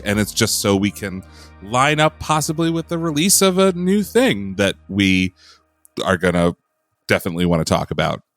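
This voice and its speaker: A man's voice: fairly low pitch, a bit bright. A man co-hosting a film podcast in casual chat, friendly and jokey. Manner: friendly, jokey, some restarts. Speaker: podcast co-host.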